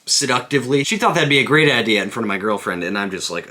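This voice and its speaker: Young male vlogger, bright voice, comic self-deprecating storyteller. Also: fairly low pitch, fast, few pauses. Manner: joking, animated, self-deprecating. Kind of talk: casual storytelling vlog.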